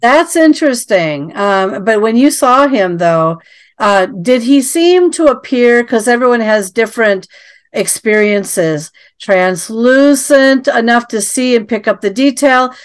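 A woman hosts a casual interview with a somewhat high voice. She gives short prompts and asks attentive follow-up questions. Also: expressive, unhurried.

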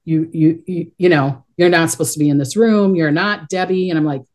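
Chatty, rambling woman with a low voice. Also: fairly even intonation, brisk, darkish tone. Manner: rambling, chatty, frequent restarts and laughs. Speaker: guest, psychic medium. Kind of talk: casual storytelling interview.

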